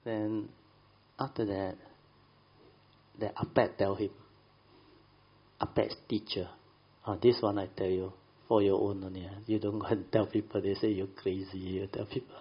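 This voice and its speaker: A man's voice: fairly low pitch, flat delivery, moderate pace, pauses often, husky, lo-fi sound. A man telling a rambling story to a group, with many fillers and colloquial grammar. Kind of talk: casual storytelling.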